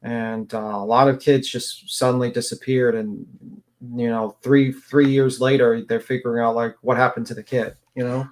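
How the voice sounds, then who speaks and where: Man co-host, rambling, lots of "like" and "you know", middle pitch. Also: flat delivery, normal speed. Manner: rambling, filler-heavy. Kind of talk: casual true-crime chat.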